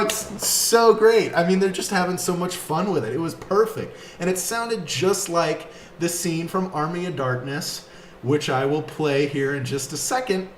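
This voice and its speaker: Man, casual film reviewer, eager fan energy, slightly high voice, echoey room. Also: a little hiss or hum. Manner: enthusiastic, animated fan talk with fillers.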